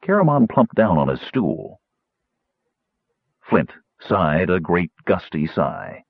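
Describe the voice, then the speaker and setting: Husky man narrating a fantasy audiobook. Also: deep voice, a little slow, dry recording. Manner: lively, expressive reading. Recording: tinny phone-like audiobook recording.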